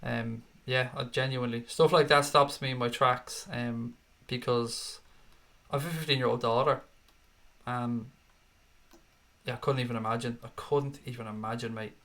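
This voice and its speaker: Scouse guy hosting a live stream, bright punchy voice, middle-aged, swears a lot, rants about snacks. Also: mid-range voice, fairly even intonation. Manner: sweary, quick to rant in mock outrage. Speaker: host. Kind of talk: casual live-stream chat reading viewer comments.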